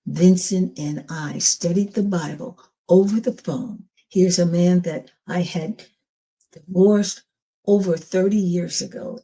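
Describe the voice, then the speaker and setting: A woman's voice: lowish voice, dark tone, breathy edge. An older woman hosting her show and telling a personal testimony in an earnest storytelling manner, acting out what others said. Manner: earnest, slow storytelling with acted quotes. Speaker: podcast host telling her own story.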